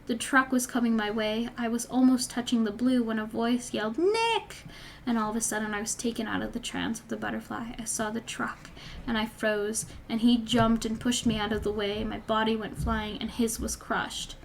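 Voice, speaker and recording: A woman's voice: on the high side, level tone, moderate pace, creaky, a little hiss or hum. Young woman reading aloud, wry asides. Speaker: vlogger. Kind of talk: reading aloud with casual commentary.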